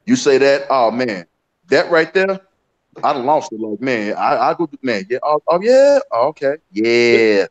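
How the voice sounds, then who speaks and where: A man from Chicago in loud, laughing, profane casual banter on a podcast. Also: medium pitch, unhurried, muffled recording. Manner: animated, laughing, swears freely.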